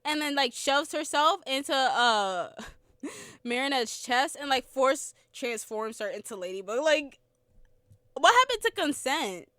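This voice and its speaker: A woman's voice: sits high, very animated, unhurried, bright, forceful tone, no room sound, clean studio sound. A young woman with a slightly sore throat hosts a podcast, chatting casually and giggling through a rambling film review. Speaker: podcast host.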